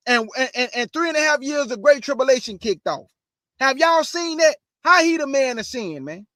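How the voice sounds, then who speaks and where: A man's voice: extremely high pitch, lively intonation, normal speed, bright, forceful tone, no echo, clean studio sound. A man preaching to an online audience in a fired-up, emphatic way, repeating his points, firing off rhetorical questions and calling his listeners family. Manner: casual slangy delivery with rhetorical questions. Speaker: online show host and preacher.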